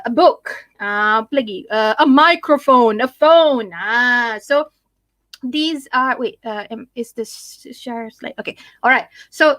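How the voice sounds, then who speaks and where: Woman, Malaysian accent, young, high voice, online tutor, mixes English and Malay, lots of fillers. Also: a bit bright. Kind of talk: online class teaching.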